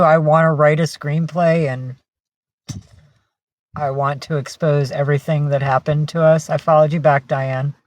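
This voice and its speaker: A woman's voice: low voice, darkish tone, no echo. A middle-aged woman hosting a casual livestream, who chats, reads out viewer names and coos at her pets. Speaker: livestream host.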